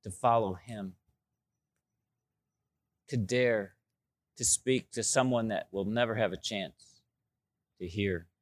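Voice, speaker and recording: A middle-aged pastor speaks at a measured pace with frequent pauses as he preaches and tells stories. Loud, excited outbursts give way to quiet, low asides.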